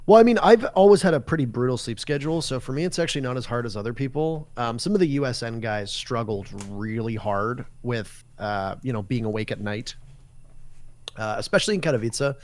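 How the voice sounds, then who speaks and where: A man's voice: medium pitch, fairly quick, no room sound. A man, an esports caster, telling stories in casual podcast chat and acting out the dialogue. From Canada. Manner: lively storyteller who acts out quoted dialogue.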